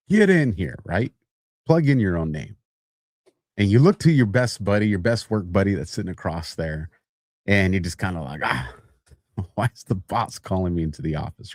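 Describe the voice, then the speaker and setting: A man hosting a podcast, telling a lively office story as a sponsor read, laughing often and building to mock outrage. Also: low-pitched, no echo, studio quality. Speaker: podcast host.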